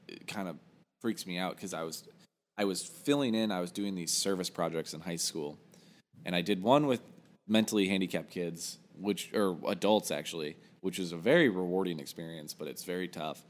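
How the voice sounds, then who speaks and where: A man's voice: sits low, moderate pace, in a large hall. Laughing, swearing young man telling stories. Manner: profane, laughing storyteller. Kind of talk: casual chat.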